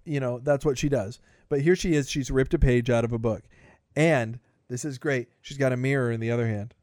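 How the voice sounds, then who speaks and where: A man's voice: mid-range voice, a little fast, a little mellow, no room sound, clean studio sound. A man co-hosting a podcast, rambling through a jokey movie review and stammering over repeated words. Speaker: podcast co-host. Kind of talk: casual movie review chat.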